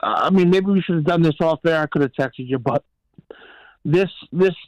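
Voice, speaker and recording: A man's voice: on the high side, moderate pace, dry recording, highs cut off. A man calling in to a talk show, talking bluntly and rambling with lots of swearing. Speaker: caller and regular. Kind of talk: casual chat.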